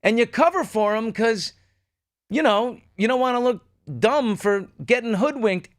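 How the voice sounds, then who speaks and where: A man's voice: extremely high pitch, measured pace. A middle-aged man hosting a talk show, riffing sardonically in casual political commentary.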